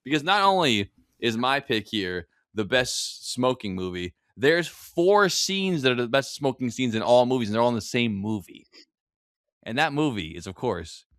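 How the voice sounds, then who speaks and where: Man, podcast co-host, bright dry voice, excitable and swearing, casual chat. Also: mid-range voice, normal speed, dry recording. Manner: excitable, swears freely, laughs mid-sentence.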